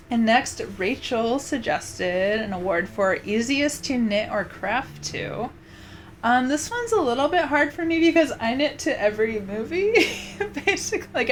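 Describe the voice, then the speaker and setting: A woman vlogger chatting casually, rambling with many fillers and restarts. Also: medium pitch. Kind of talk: casual chat.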